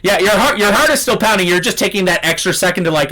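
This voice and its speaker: A man's voice: high voice, expressive, quick pace, sharp tone, poor audio. A man running a tabletop game as game master, narrating in a loose way with many fillers.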